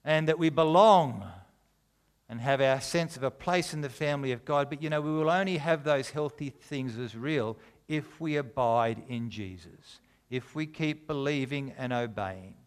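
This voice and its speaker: A man's voice: mid-range voice, normal speed, smooth. A middle-aged man preaching a sermon, conversational and jokey but driving home his points with emphasis. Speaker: pastor.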